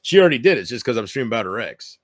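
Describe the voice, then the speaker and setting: A man's voice: medium pitch, sing-song, racing, no echo, studio quality. A man chatting casually on his livestream, rambling and joking, with frequent swearing.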